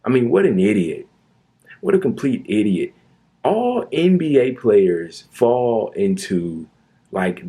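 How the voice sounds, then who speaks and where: A man's voice: on the low side, dark tone, husky. A man delivering an opinionated commentary monologue, indignant and sarcastic, pressing his points with emphatic repetition. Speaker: commentary youtuber.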